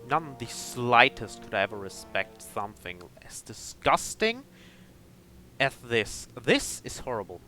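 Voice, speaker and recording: A man's voice: mid-range voice, sing-song, unhurried, bright, forceful tone, faint music behind. A young man giving game commentary, complaining angrily and swearing at his opponent. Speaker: gaming commentator.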